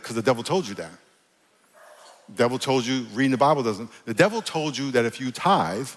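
A man preaching a sermon in a large church, blunt and conversational, with jokes and words slowed down for emphasis. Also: medium pitch, fairly bright tone. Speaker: pastor. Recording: long reverb from a large hall.

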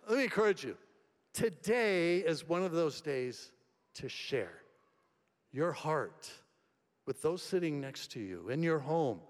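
Preacher with a ringing hall reverb. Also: male voice, a little high. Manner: conversational storytelling, swings between soft and emphatic. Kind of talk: sermon.

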